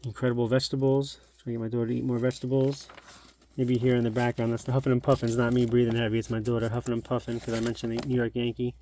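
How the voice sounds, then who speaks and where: A man's voice: mid-range voice, level tone, very fast, mellow, a little hiss or hum. A middle-aged man hosting a collectibles channel, chatting casually and nostalgically as he shows an old magazine at home. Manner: chatty, nostalgic, thinks aloud. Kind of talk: casual show-and-tell narration.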